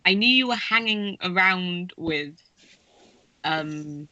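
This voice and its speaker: A woman narrating as game master of a tabletop game, chatty and quick to giggle. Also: fairly low pitch, bright, forceful tone, lo-fi sound, a little hiss or hum.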